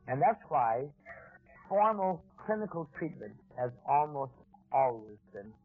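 A man giving an earnest personal talk about alcoholism to an audience, deliberate with wry asides. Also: medium pitch, breathy edge. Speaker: speaker at a recovery talk. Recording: tinny old phone-like recording.

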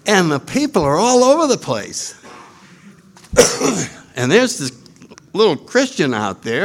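A man telling a humorous spiritual story, animated and acting out the voices of his characters. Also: fairly high pitch.

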